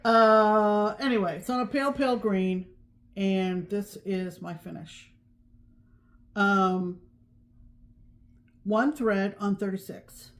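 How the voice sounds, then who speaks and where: Woman co-host, middle-pitched, casual chat, rambling delivery with lots of ums, keeps restarting her thoughts. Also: fairly even intonation, slow, pauses often. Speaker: podcast co-host. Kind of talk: casual chat about cross-stitch.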